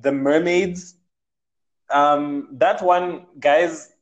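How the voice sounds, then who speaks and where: A man's voice: a little high, drawn-out words, lo-fi sound. A young man, telling a personal story in a casual chat and leaning heavily on fillers like "like". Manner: animated, filler-heavy storytelling with many "like"s.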